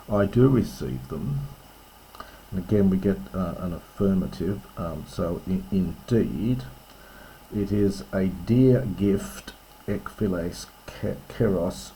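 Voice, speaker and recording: A man teaching ancient Greek, reading lines aloud and explaining them slowly and carefully, with many pauses and self-corrections. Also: sits low, expressive, dark tone, a little hiss or hum, rough recording. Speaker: classics teacher.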